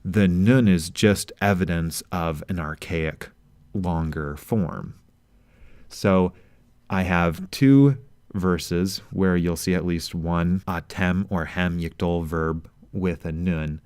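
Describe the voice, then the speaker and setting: Slow, deep-voiced man teaching grammar. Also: darkish tone, clear, resonant tone, no room sound. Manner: measured, explanatory, reads out Hebrew verses slowly. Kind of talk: grammar lesson narration.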